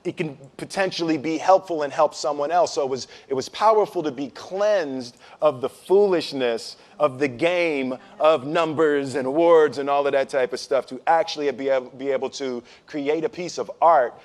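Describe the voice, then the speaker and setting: A man speaking as an interview guest, telling stories with humor and pausing thoughtfully when serious. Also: fairly high pitch. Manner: animated, humorous storyteller who acts out scenes; reflective, halting with fillers when serious. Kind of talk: candid storytelling in a sit-down interview.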